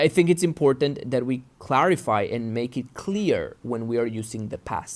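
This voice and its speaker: A man's voice: medium pitch, darkish tone. A man teaching English pronunciation, patiently repeating example words and checking in with his listeners. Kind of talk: pronunciation lesson.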